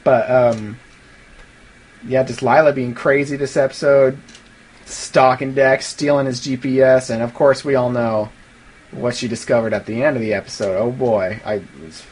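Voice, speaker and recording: Rambling, self-deprecating man. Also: medium pitch. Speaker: listener sending feedback. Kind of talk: casual recorded feedback.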